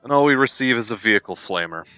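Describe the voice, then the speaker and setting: A man's voice: on the low side, expressive, fast talker, bright, forceful tone, clean tone, dry recording, faint music behind. A young man giving casual let's-play commentary on a strategy game, with dry, wry understatement.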